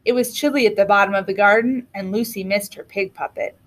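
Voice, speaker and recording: A woman reading a children's storybook aloud with an expressive, lilting delivery. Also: medium pitch, brisk. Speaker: reader.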